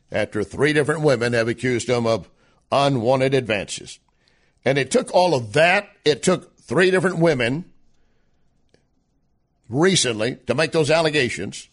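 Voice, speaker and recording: A man hosting a political talk show, delivering a sarcastic monologue full of rhetorical questions. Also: medium pitch. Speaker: radio talk show host.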